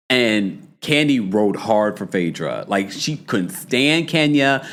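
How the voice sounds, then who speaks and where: A man hosting a reality TV recap stream, chatty and laughing, reading chat comments and acting out taglines. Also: mid-range voice. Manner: animated, laughing, reads chat comments aloud; puts on a dramatic voice to read taglines. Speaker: host.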